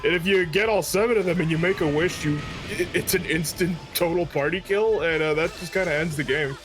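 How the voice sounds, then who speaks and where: A man's voice: on the high side, a little fast. A man co-hosting a let's play, chatting casually, teasing and laughing often. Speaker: co-host. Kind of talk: casual chat over gameplay. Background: game music.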